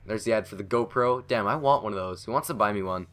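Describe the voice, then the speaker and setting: A young man giving live commentary over a video game, excitable and rambling, swearing often and talking to himself. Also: lowish voice, fast, soft background music. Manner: excitable, swears a lot, rambling self-talk. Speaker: gaming commentator.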